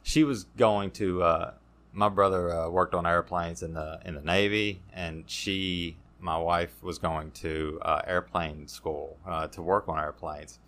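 A man, a podcast guest telling his recovery story in a halting, casual way, full of fillers and restarts. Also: low voice, fairly even intonation, a bit bright.

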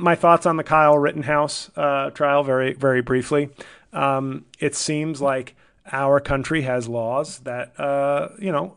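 A man's voice: medium pitch, creaky. A comedian hosting his podcast alone, talking in a rambling, self-deprecating and sardonic way, often swearing. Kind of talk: solo casual monologue.

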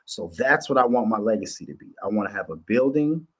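A man's voice: lowish voice, expressive, brisk, slightly rough. A man from Minnesota hosting a livestream, talking bluntly and profanely in a loose, repetitive monologue. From Minnesota, USA. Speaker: livestream host.

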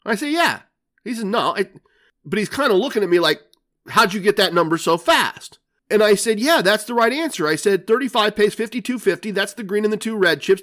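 An older man hosts his own podcast and tells a casino story in a dry, wry way. His voice sits slightly higher than most men's. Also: fairly bright tone. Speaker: podcast host.

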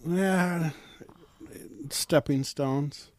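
A man in his forties with a Midwestern American accent, a police officer talking casually on a podcast in a low-key, dry way. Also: very slow, dry recording. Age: 40s.

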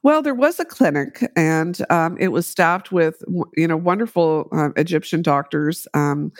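Middle-aged woman explaining stuff calmly, lots of ums, dry close sound. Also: deep voice, no room sound. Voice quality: measured, explanatory with frequent fillers. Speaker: interview guest. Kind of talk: conversational interview.

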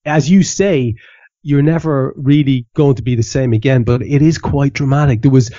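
A man hosting a podcast interview, chatting casually and restarting his sentences with quick stammers. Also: medium pitch, mellow, no echo, muffled recording. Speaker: podcast host.

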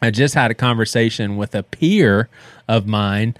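A man in his thirties co-hosting a podcast, telling a story in a casual, animated way and laughing as he goes. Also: on the low side, normal speed, dry recording. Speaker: podcast co-host.

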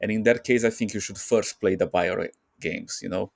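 Man, podcast guest, very low voice, gravelly, hesitant. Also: brisk, no room sound, studio quality. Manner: hesitant, filler-heavy recommendations. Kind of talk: casual podcast chat.

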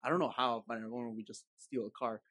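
A man's voice: mid-range voice, fairly even intonation, quick pace, fairly bright tone, no room sound, studio quality. A young man chatting casually with friends, telling a story with many fillers. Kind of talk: casual chat among friends.

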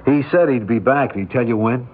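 Speaking fairly quickly in a natural, medium-pitched voice, a man in his forties performs in a 1950s radio drama. His character is a shy, gentle bachelor who keeps a filling station, and he talks haltingly with stammers, captured in a tinny old radio recording.

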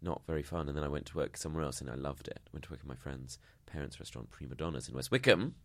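A woman, co-hosting a casual chat with quick, playful reactions. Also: very deep voice, expressive, no room sound.

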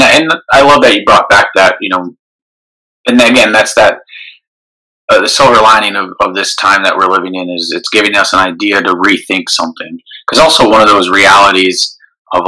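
A man's voice: lowish voice, sharp tone, rough recording. A man co-hosting a podcast, talking casually and thoughtfully, often stopping and restarting his sentences. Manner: thoughtful, halting, many restarts. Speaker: podcast co-host. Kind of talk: casual conversation.

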